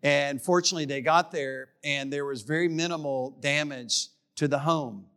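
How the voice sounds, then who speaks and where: A man's voice: a little high, moderate pace, fairly bright tone, smooth. A middle-aged man preaching a sermon in a church, emphatic and repetitive, often tripping over his words. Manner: emphatic, repeats key phrases, stumbles on words. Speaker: pastor.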